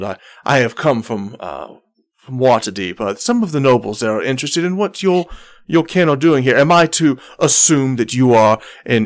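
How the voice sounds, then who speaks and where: A smooth-talking male ship captain and performer, voiced by a man, all bows and flattery. His courtly phrases come out with small stumbles and repeated words, at an ordinary middle pitch. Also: close to an everyday voice. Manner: courtly, ingratiating, halting with repeats.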